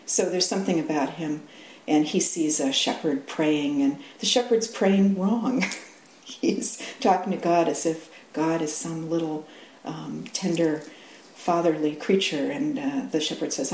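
Woman teacher, dharma talk, mellow low voice, halting restarts, echoey room. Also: steady tone. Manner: halting, many restarts and fillers, laughs often. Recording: echoey room with faint hum.

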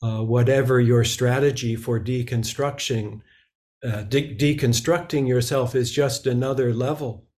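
A man giving a Zen dharma talk, slow and halting, with many filler sounds between phrases. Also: medium pitch, steady tone, darkish tone. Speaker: Zen teacher.

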